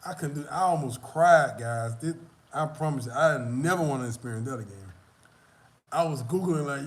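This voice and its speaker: A man's voice: medium pitch, moderate pace. A young man chatting on a live stream, telling a rambling, profane story in a loose, casual way. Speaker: vlogger answering live chat.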